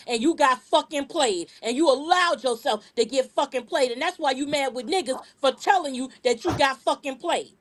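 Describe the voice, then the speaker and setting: High-pitched, fierce woman ranting. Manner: aggressive, profane, emphatic; repeats words when heated. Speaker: podcast host. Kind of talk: live-streamed podcast rant.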